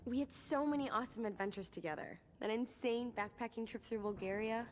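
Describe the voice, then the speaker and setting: An actress playing a lively young American filmmaker in a video game, talking in an upbeat, fond way. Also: female voice, fairly high pitch, a little fast, natural voice. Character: lively young female filmmaker, cheerful troublemaker. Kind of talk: game cutscene dialogue.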